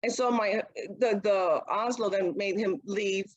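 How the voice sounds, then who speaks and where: A woman's voice: mid-range voice, a little slow, no echo, highs cut off. A middle-aged woman, a guest mother, telling her story in a casual interview and acting out what others said. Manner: animated, acts out quoted speech. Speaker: guest, mother of an autistic son.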